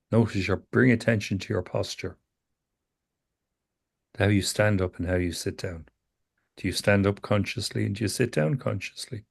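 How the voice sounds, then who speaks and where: Low-voiced man, calm and probing. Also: vocal fry. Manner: calm, probing questions, repeats phrases. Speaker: psychotherapist. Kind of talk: therapy session conversation.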